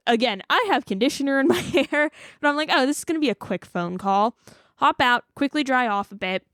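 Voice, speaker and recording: A woman's voice: a little high, normal speed, no echo, studio quality. A woman in her twenties co-hosting a podcast, retelling a story in casual chat, acting out quotes and saying "like" a lot. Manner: animated retelling, acts out quotes, many "like"s. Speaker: podcast co-host.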